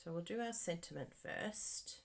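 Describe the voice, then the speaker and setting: Demonstrating card-making in a live session, this woman talks straight to her audience, chatting and musing aloud as she goes. Her voice sits on the low side, with a creaky quality and a measured pace.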